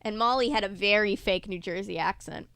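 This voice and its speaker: In a clean, studio-quality recording with no echo, a woman with a medium-pitched, creaky voice reads a manga adaptation aloud at a brisk pace. She's playful and casual, giving quoted lines animated voices, throwing in her own asides, and laughing between passages.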